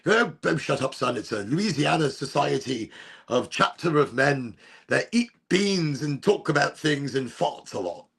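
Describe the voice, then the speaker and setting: A man's voice: medium pitch, very animated, fast talker, husky, voice pushed up. A man doing a blustery old English dad. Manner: blustering, swears mildly. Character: cheeky older English dad, blustery and crude.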